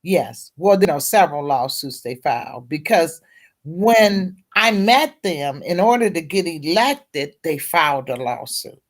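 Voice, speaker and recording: A woman's voice: low-pitched, lively intonation, measured pace. A middle-aged woman, a teacher advocate and guest at a round table discussion, telling her story bluntly and candidly.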